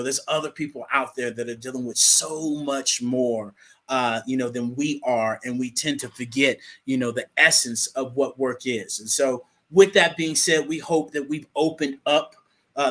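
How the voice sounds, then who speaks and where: A young man co-hosting a show, telling a folksy story in a casual, animated way and often repeating his words. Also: medium pitch. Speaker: co-host.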